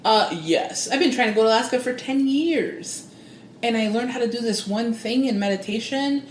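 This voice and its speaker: Animated woman telling a story, roomy sound. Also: normal speed, a little hiss or hum. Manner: expressive, acts out quoted voices with big pitch jumps. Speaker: guest psychic and spiritual coach.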